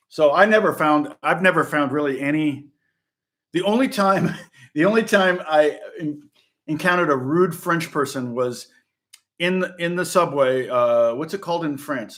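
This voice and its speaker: A middle-aged man from the United States, a guitar teacher, rambles through a casual live-stream chat with frequent laughs and many restarts. His voice is fairly high-pitched with a fairly bright tone.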